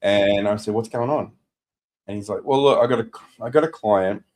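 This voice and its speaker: A man's voice: on the low side, normal speed, a little mellow. A man, co-hosting a business podcast, telling a client story in casual chat and acting out what people said.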